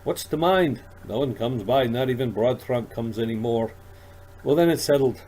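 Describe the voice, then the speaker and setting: A man's voice: medium pitch, moderate pace, voice pushed up, lightly acted. A man voicing an eccentric old male alien shopkeeper who mutters to himself and rambles. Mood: excited. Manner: dithering, excitable, childlike. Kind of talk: audiobook character voice.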